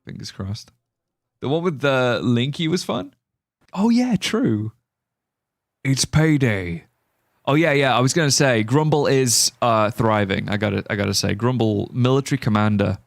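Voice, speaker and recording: A man livestreaming a game in casual chat, excitable and laughing often, with quick exclamations. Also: mid-range voice, creaky, no room sound, clean studio sound. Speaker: live streamer.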